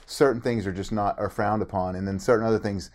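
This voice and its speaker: A man's voice: on the low side, fairly even intonation, fast talker, darkish tone. A man hosting a podcast interview, talking casually and rambling, with many you-knows. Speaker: host.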